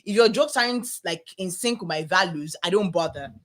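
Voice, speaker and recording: A woman with a Nigerian accent, co-hosting a casual chat podcast and telling stories with lively acted-out dialogue. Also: fairly low pitch, a little fast. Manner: animated storytelling, acts out dialogue. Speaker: podcast co-host.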